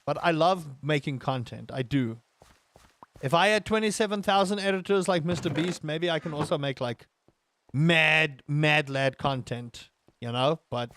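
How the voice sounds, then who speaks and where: A man's voice: a little high, fairly bright tone. A man live-streaming a game, talking casually to his chat and ranting with emphatic repetition. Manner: talks to his chat between tangents.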